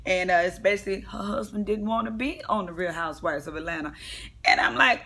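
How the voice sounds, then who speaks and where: A brash woman vlogger chats through a reality TV recap in a loose, comedic way. She swears freely, laughs as she goes, and slips into other people's voices to act out their lines. Her voice sits at an ordinary middle pitch. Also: fairly quick, gravelly, sharp tone, a little hiss or hum. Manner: brash, profane, laughing, acts out quotes.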